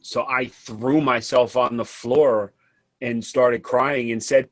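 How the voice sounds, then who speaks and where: A man co-hosting a casual radio show, telling childhood stories in an animated way and acting out the people in them. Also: medium pitch, slow, no room sound. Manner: animated, acts out quoted voices. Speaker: podcast co-host.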